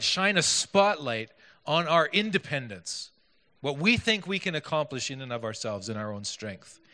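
A male preacher with a bright, forceful, slightly high voice delivers a sermon conversationally, asking the congregation questions and making self-deprecating, joking asides. A long echo from a large hall fills the recording.

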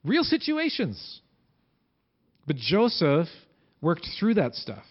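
A man with a slightly high voice preaching a sermon in a loose, chatty way. He bursts into loud, high acted-out quotes, then drops back to easy talk. The sound is muffled and lo-fi. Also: wildly swooping pitch, slow, slightly rough. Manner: conversational preaching, acting out quotes with big swings in pitch and loudness. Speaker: pastor.

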